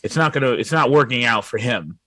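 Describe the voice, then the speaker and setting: A man co-hosting a casual pop culture podcast, blunt and quick to correct his partner. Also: medium pitch, animated, bright, forceful tone, no room sound. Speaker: podcast co-host.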